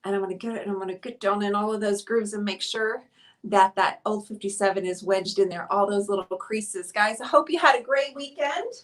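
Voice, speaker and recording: A woman's voice: medium pitch, brisk. A woman hosting a live painting tutorial, chatting upbeat with viewers while she works and sounding out of breath. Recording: voice heard from a distance.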